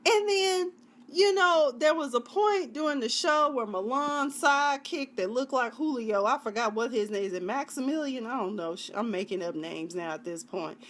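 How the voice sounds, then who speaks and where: A woman reviews a TV drama in a casual video, chatty and dramatic, occasionally acting out scenes in put-on voices. Her voice is on the high side and animated, at a normal speed.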